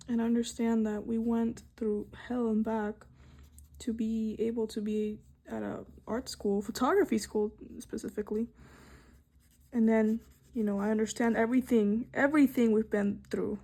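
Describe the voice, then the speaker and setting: A young woman in her twenties, an art student, chatting casually in soft ASMR style while painting, rambling to herself with lots of fillers. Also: a little high, little pitch movement, moderate pace. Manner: rambling soft-spoken self-talk with frequent fillers.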